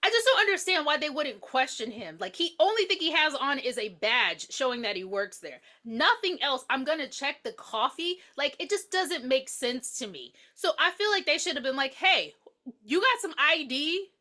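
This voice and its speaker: A woman's voice: high-pitched, big pitch swings, moderate pace, hardly any pauses, sharp tone. A woman co-hosting a podcast, chatting casually about a film and joking as she quotes its characters. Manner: chatty, jokey, quoting characters. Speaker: podcast co-host. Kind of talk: casual movie review chat.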